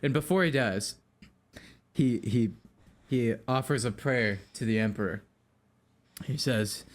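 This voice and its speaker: Man, tabletop game player, mid-range voice, casual, quick to joke. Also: medium pitch.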